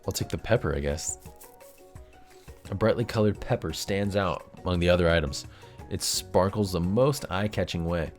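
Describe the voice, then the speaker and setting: A man casually reading a visual novel aloud as a let's play, in a joking, lively manner. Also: low voice, moderate pace, faint music behind. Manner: joking, reads the game text in a lively way.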